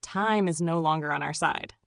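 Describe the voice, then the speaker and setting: A woman voicing a brilliant male detective who speaks in a crisp, decisive way. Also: low voice, normal speed, a bit bright, dry recording, clean studio sound. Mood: urgent.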